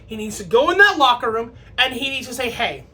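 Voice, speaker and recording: A woman's voice: high-pitched, expressive, fast, sharp tone. A woman hosting a fan show, delivering an impassioned, scolding post-game rant with profanity. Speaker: podcast host.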